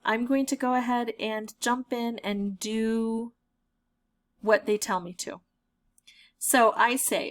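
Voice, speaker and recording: A woman's voice: fairly high pitch, fairly even intonation, slow pace, long pauses. A woman who makes gaming videos, giving playful, wry commentary with an amused, explanatory manner. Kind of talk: playful commentary reading chat messages aloud.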